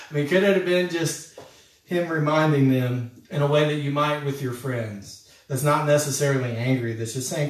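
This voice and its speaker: A man's voice: fairly high pitch, animated, moderate pace. A man preaching a sermon as a pastor, talking in an earnest, conversational way and addressing listeners as friends. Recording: echoey room, voice from a distance.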